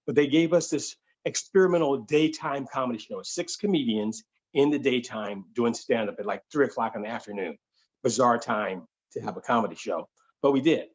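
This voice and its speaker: A man telling a funny true story to an audience, animated and conversational, slipping into voices. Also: medium pitch, normal speed, husky, muffled recording. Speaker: solo performer and storyteller. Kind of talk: comedic live-streamed storytelling.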